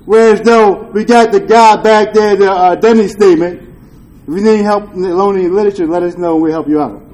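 A man with a notably high voice shares a candid testimony at a recovery meeting. He talks in loose street slang, swears freely, and keeps checking in with "you dig?" His tone is earnest and confessional. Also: steady tone, a little fast, a little mellow, poor audio. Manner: earnest and confessional, with rueful laughs. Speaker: speaker sharing at a recovery meeting.

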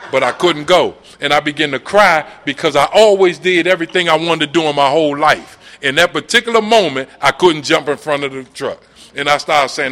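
A man's voice: on the high side, fairly quick, fairly bright tone. A middle-aged man gives an earnest, conversational personal testimony at a recovery meeting, often asking "you dig?".

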